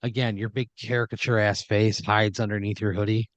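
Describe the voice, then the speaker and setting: A man's voice: lowish voice, flat delivery, a little fast, dry recording, lo-fi sound. A man narrating an improvised comedy scenario in a loose, rambling way. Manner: rambling, loose narration with fillers, puts on voices for characters. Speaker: host.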